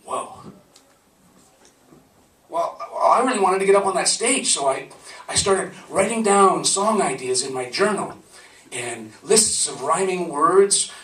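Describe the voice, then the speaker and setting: Bright-voiced man telling a story. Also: sits high, animated, measured pace. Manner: conversational, laughing. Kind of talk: live storytelling. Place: live event venue. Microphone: camcorder from a distance. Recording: roomy, from far off.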